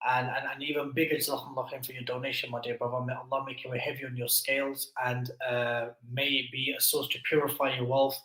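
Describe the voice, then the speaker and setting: Bright-voiced man, echoey room. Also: medium pitch, flat delivery, fast talker, few pauses. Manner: impassioned preaching appeal, building in force. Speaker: livestream fundraising host. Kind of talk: charity appeal livestream.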